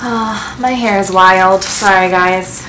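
A woman in a casual beauty vlog, unboxing gifts to camera and gushing with excitement. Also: mid-range voice, takes it slowly, noisy background. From United States. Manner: gushing, excitable, breathless with delight. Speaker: beauty vlogger. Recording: echoey room.

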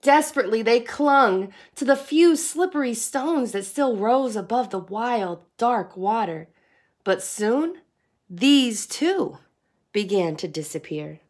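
A woman reading a picture book aloud to children in an expressive, sing-song way, like a teacher. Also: fairly high pitch, takes it slowly. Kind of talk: storybook read-aloud.

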